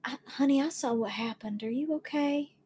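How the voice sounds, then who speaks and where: A motherly adventurer speaks softly and soothingly, as a woman plays her. She murmurs comfort and calls the stranger darling. Her voice stays low and hushed. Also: moderate pace, slight background noise, lightly acted.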